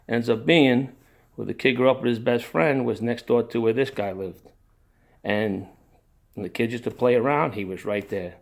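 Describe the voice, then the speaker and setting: Telling his own family story at normal speed, an older man speaks in a medium-pitched voice that is gravelly and creaky. The telling is casual and meandering, full of tangents, sighs and restarted sentences, and he sounds emotional and moved.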